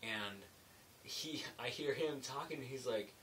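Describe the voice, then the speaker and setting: Guy a bit far from the mic, soft hiss behind, chatting loosely about his construction job. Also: mid-range voice, unhurried. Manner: rambling, loose, with many fillers. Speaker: construction laborer vlogger. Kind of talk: casual late-night storytelling. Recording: faint hiss, mic set back.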